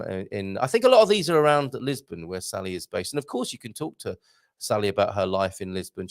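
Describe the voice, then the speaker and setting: A middle-aged man hosting a live stream, chatting playfully, greeting viewers by name and making puns. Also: gravelly. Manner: lively up-and-down pitch, jumps high for greetings. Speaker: host. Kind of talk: live-stream chat reading viewer comments.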